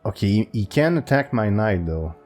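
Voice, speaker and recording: A man's voice: sing-song, moderate pace, a little mellow, faint music behind. Man thinking aloud over chess puzzles. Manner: hesitant, self-talking with restarts and pitch jumps. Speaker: chess video creator.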